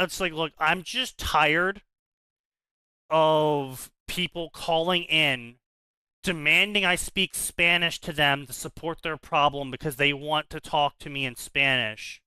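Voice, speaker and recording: Bright, crisp-voiced man ranting. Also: a little high, a little slow, no room sound. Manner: ranting, profane, repeats words when starting. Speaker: podcast co-host. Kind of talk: casual banter.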